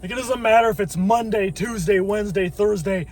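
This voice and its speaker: A man's voice: high voice, fairly quick, a little mellow. A man vlogging from his car in a waiting line, grumbling and swearing in irritated rants. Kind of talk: ranting car vlog.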